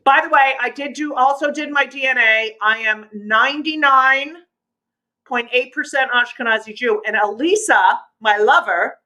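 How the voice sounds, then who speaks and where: A brash woman comedian who tells her stories with an animated, punchy delivery. Her voice sits high and sounds bright and forceful, and it comes through a video call. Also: moderate pace, low-quality recording. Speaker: comedian guest. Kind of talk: stand-up storytelling on a video call.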